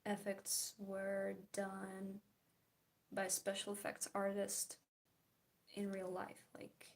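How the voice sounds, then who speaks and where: A woman's voice: medium pitch, monotone, extremely slow, creaky, pauses often. A young woman chatting casually and giggling while she paints, trailing off into murmured, half-whispered asides. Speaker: art vlogger.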